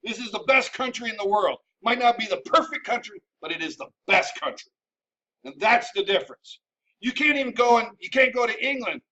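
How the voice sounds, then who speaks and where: Man, very high voice, sharp tone, scolding and profane, muffled distant recording. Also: expressive, fairly quick. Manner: combative, profane, scolding, shouts at times. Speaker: vlogger, army veteran. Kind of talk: ranting commentary to camera. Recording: dull sound from a distant mic.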